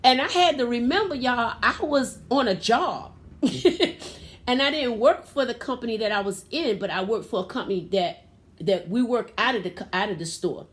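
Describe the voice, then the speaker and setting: Woman, high voice, podcast co-host, laughing storyteller. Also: moderate pace. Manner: laughs often, excitable retelling. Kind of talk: casual podcast chat.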